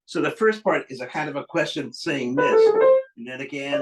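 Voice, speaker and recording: Animated and fast, with a slightly high voice, the teacher encourages a young student and demonstrates phrases during piano masterclass coaching. The room has a piano being played, and the low-quality recording puts loud piano over his speech.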